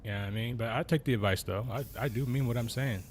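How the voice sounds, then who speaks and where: A man streaming a game, talking slowly and casually in a kept-down voice, with a lot of slang. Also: mid-range voice, a little hiss or hum. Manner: slow, laid-back talker; keeps voice down. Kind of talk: casual live-stream chat.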